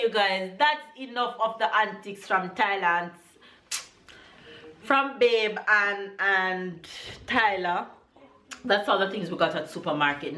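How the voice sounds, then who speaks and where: A woman, chatting excitedly to camera in a casual family vlog from her home kitchen. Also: lowish voice, slight background noise. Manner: chatty, excited, speeds up and slows down. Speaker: family vlogger, mother.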